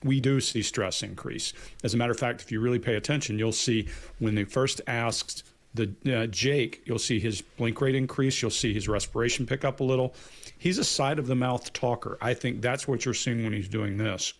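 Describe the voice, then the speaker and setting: A man's voice: medium pitch, normal speed. A man giving casual panel analysis of body language in short, matter-of-fact sentences.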